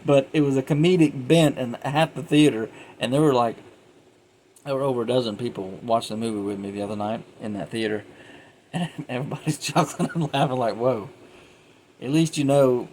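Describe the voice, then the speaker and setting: A man's voice: medium pitch, brisk, darkish tone, a little hiss or hum, low-quality recording. A man giving a casual, rambling film review, retelling scenes animatedly and often laughing.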